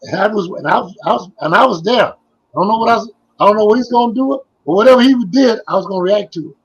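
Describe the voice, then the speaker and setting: A man's voice: high-pitched, quick pace, husky, dull audio. An older man, a former basketball player, telling stories in a casual interview, rambling and repeating himself as he goes. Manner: rambling, repeats phrases, trails off.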